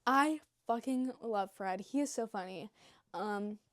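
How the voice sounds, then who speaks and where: A woman's voice: medium pitch, unhurried, dry recording, clean studio sound. A young woman in casual, unscripted vlog chat who rambles and gushes, with lots of filler words and swearing. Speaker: new vlogger.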